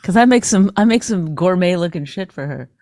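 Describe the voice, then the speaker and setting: A woman's voice: lowish voice, animated, a little fast, mellow, no echo, studio quality. A middle-aged woman from Canada, co-hosting a podcast in an exasperated, teasing, bickering chat. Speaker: podcast co-host.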